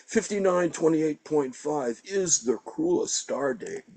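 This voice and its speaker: An older man reading his own poem at an open mic in a measured, deliberate way. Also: medium pitch, a little mellow. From New Hampshire, United States. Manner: measured, deliberate poetry delivery. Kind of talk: poetry reading.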